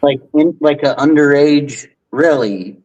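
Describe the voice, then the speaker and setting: Male stream host with a higher voice, profane and rambling rants. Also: measured pace, darkish tone, lo-fi sound. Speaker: livestream host. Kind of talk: ranting livestream commentary.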